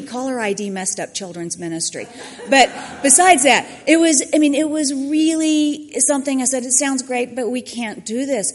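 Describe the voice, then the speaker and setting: A woman, a church mentor giving a personal testimony, acting out the quotes in her story. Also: on the high side. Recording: long hall reverb.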